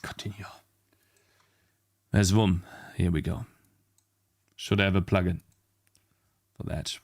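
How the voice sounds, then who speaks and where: A man's voice: low voice, fairly even intonation, slow. Frustrated man muttering at his computer. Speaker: indie game developer streamer. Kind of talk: casual live-stream talk while working. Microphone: streaming mic at a desk.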